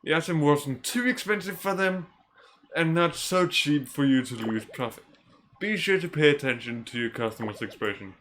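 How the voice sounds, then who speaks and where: A man voicing a gruff old bearded shopkeeper who scolds and mentors a young boy, reading game dialogue aloud in a slow, deliberate way. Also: on the high side, expressive, fairly bright tone, a little hiss or hum. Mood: instructive.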